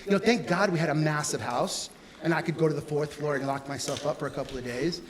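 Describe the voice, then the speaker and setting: A man, a fashion designer, answering audience questions with candid, animated storytelling and acted-out dialogue. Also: fairly high pitch, quick pace, a crowd in the background. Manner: animated, acts out quoted dialogue.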